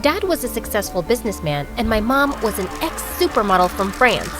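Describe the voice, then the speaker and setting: A woman narrating an animated story as a bookish rich teenage girl, in a chatty, dramatic way. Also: fairly high pitch, a little fast, over music, low-quality recording.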